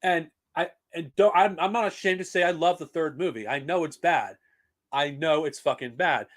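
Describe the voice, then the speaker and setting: A man's voice: fairly high pitch, moderate pace. A man talking casually on a live stream, blunt and profane, rambling with frequent restarts. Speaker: streamer reviewing comics and films.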